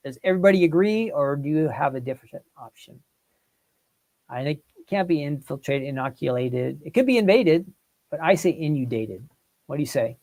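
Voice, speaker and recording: A man's voice: a little high, lively intonation, moderate pace, a little mellow. A man hosting a livestream, thinking aloud through word quiz questions and asking viewers for their answers. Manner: thinks aloud, polls the chat. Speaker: livestream host. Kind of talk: casual live quiz chat with viewers.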